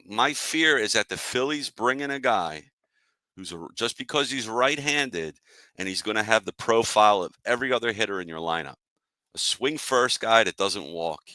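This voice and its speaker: Male sports-show host, lowish voice, casual irritated rant, answers live chat. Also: pushed and bright, no echo. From Philadelphia area. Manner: annoyed, fired-up, talks to chat viewers.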